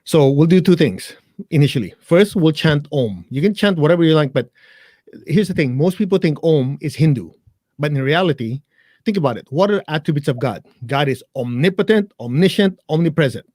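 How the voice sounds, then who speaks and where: A man guesting in a live interview gives guided meditation instruction in blunt, plain words with jokes, speaking right to listeners and then leading a chant. His voice is on the high side, expressive and somewhat dark, a little fast, in a dry, studio-quality recording.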